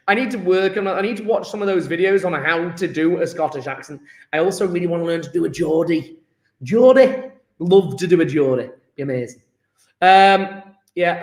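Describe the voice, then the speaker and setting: A man's voice: fairly high pitch, echoey room. A man, a chemistry teacher chatting upbeat and jokey with his class as he takes an online register. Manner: upbeat, joking, chatty with students.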